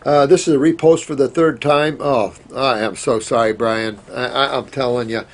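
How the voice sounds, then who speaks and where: A man's voice: mid-range voice, steady tone, normal speed. A man hosting a question-and-answer show, giving casual, rambling advice with many fillers and restarts.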